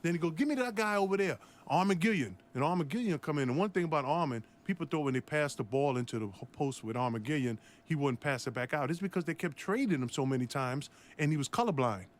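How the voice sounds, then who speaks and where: A middle-aged man, a former basketball player, telling a story with lively acted-out voices. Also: on the high side, quick pace, few pauses. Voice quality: animated, acts out voices in the story.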